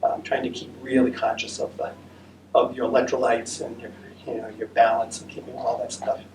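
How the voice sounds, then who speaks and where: This American man's voice is mid-range, a little mellow, fairly quick and flatly delivered as he talks about a long walk at a senior center. The casual presentation, with audience questions, is chatty, rambling and filler-heavy. The echoey recording is distant with faint noise.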